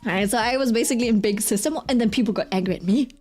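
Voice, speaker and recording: Over faint music, a woman streamer races through a story in a voice on the high side with a darkish tone. She chats while drawing, rambling casually, leaning on fillers and checking in with "right?" again and again.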